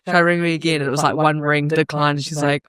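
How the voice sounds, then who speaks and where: A woman's voice: low voice, very fast, smooth, no echo. Swearing young New woman storyteller. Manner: animated storytelling, swearing, acting out quotes. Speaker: podcast guest. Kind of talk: casual podcast chat.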